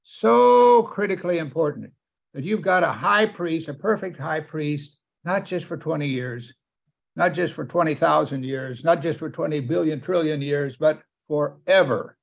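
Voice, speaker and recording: A man's voice: a little high, moderate pace, gravelly. A man preaching a sermon with emphasis, often asking his listeners questions. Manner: emphatic, asks the audience questions. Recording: dull, lo-fi sound.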